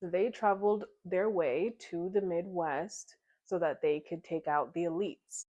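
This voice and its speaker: A woman's voice: on the low side, fairly even intonation, unhurried, dark tone. A woman casually recapping a novel in a chatty, giggly way, slipping into the characters' lines as she retells the plot. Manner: chatty retelling, slips into quoted dialogue. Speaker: book club vlogger.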